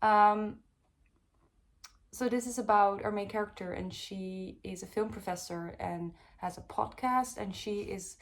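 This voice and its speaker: A woman's voice: mid-range voice, measured pace. A young woman from the Netherlands, chatting casually through a book review with lots of fillers. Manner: chatty, rambling, lots of ums and likes.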